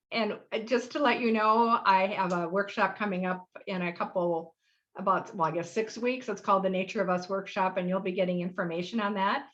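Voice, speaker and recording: A woman's voice: mid-range voice, a bit bright, highs cut off. A middle-aged woman hosting a live webinar workshop, explaining practices in a friendly, rambling way with fillers. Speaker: workshop host.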